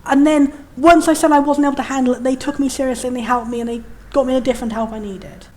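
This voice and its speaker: A woman's voice: high voice, fairly even intonation, fast, a little mellow. A young woman reviewing games, talking frankly and rambling with many restarts and the odd swear. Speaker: game reviewer. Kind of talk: candid game commentary.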